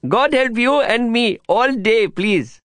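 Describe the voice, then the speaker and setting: A man voicing a small, earnest boy who speaks broken English with eager, halting phrasing. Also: extremely high pitch, expressive, fairly bright tone, no room sound, voice pushed up, exaggerated voice.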